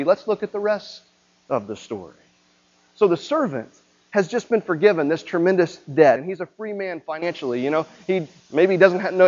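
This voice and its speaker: A pastor with a voice that sits high preaches in a conversational way, frequently asking the congregation rhetorical questions. The recording has its highs cut off.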